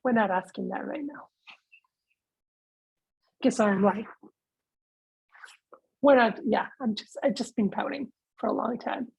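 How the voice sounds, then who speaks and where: Female discussion leader, breathy and a touch high, laughs easily, dry close sound. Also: measured pace, pauses often, no echo, poor audio. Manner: reflective, laughs easily, calls on members by name. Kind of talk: casual group discussion.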